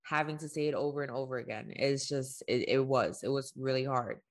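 A young woman co-hosting a candid talk, speaking emotionally and haltingly with many fillers. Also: rumbling low. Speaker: podcast co-host. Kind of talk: candid personal conversation.

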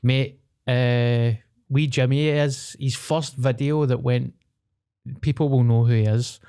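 A man with a Glaswegian Scottish accent in a casual chat. He rambles through stories, swears freely and drops into quick impressions of people. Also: mid-range voice, steady tone, warm tone, clear, resonant tone.

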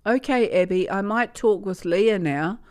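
A woman voicing a caring grandmother who chats brightly and reassuringly on the phone. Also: mid-range voice, measured pace, pitched above the performer's own voice, natural voice. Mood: cheerful.

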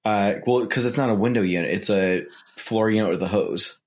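A man's voice: on the low side, brisk. Laid-back man podcast co-host. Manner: laid-back, thoughtful, hesitant restarts. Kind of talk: casual chat.

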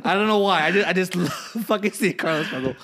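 A man's voice: high voice, fast, bright, forceful tone, a little hiss or hum. A man co-hosting a casual podcast chat, swearing constantly and laughing through his rambling stories. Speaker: podcast co-host.

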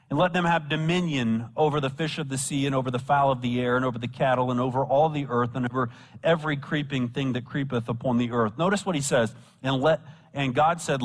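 A pastor preaches to his congregation, driving points home by repeating them and reading scripture aloud. His voice sits fairly high for a man. Long reverb from the church sanctuary trails after each phrase. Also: a little fast. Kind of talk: sermon.

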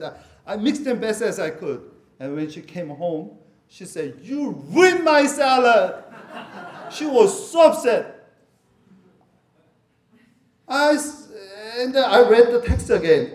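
A man's voice: a little high, darkish tone. Middle-aged man preaching in an echoey room. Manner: conversational, jokey asides with laughter. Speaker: pastor. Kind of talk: sermon.

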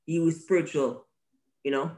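A man's voice: on the high side, fairly even intonation, moderate pace, darkish tone. A man co-hosting a casual religious podcast, talking with preachy emphasis, repeating phrases and laughing often. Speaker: podcast co-host.

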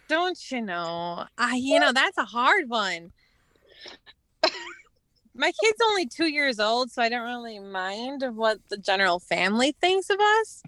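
A woman guest chatting over a video call, jokey and quick to laugh. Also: on the high side, very animated, sharp tone. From Wisconsin.

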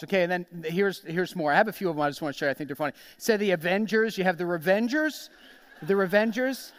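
A young adult man from South Jersey preaches from the pulpit, his voice high and smooth. He tells funny stories and acts out other people's lines with quick jumps in energy. The sound is dry and close. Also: no room sound. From South Jersey, USA. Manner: animated storytelling, acts out quoted voices. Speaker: pastor. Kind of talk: sermon.

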